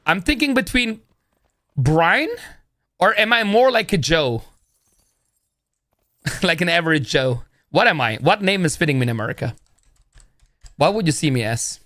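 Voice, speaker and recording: A young man, talking in a loose, rambling, slangy way with plenty of "bro", pitched somewhat high for a man. His voice is close to the mic and dry, with no room sound. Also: sing-song, moderate pace, long pauses, a bit bright, no room sound. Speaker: streamer. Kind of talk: casual live-stream chat.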